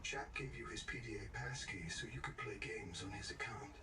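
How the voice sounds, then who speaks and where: An actor playing a calm male AI companion in a video game, explaining things in an even, matter-of-fact way. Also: on the low side, fairly quick, over loud music, natural voice. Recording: distant game audio with noise.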